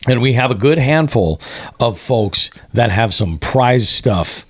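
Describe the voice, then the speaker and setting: A man's voice: medium pitch, lively intonation, slow pace, husky, no room sound. A man hosting a podcast, talking casually and upbeat about show plans. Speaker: podcast host. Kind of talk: casual chat.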